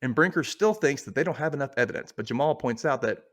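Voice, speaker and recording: A man's voice: mid-range voice, expressive, fast. Man casually rambling through a recap. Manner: loose, rambling retelling with many fillers. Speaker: podcast host recapping a TV episode.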